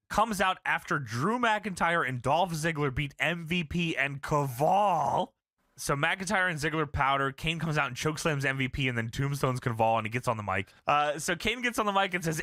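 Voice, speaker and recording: Recorded dry with clean studio sound, a man with a voice on the high side speaks at normal speed. Co-hosting a podcast, he tells a wrestling recap in a lively, foul-mouthed, laughing way.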